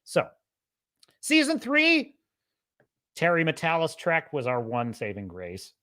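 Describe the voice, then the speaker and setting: A man hosting a casual livestream, rambling and excitable, quick to laugh. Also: a little high. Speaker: show host.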